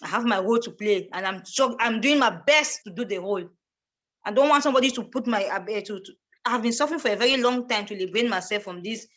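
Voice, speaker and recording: A woman's voice: fairly high pitch, fast talker, fairly bright tone. A woman with a Cameroonian accent, a guest speaker making a passionate case, stressing her points and repeating words as she pushes on. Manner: emphatic, repeats words when pressing a point. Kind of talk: passionate advocacy talk.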